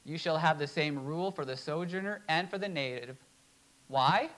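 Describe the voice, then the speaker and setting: A pastor preaching a sermon, reading scripture slowly and emphatically, with short laughs between points. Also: male voice, a little high, fairly bright tone, rough recording.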